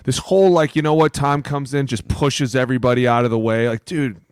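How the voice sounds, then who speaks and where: A man, a former lineman co-hosting a sports podcast, talking bluntly and profanely in a casual, animated way. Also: mid-range voice, fairly quick, smooth, dry recording, studio quality.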